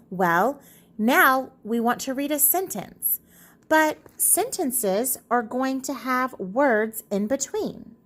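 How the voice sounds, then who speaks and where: A woman teacher guides parents through how children learn to read. She explains patiently and slows down to sound out letters and short words as examples. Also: on the high side. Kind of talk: phonics lesson for parents.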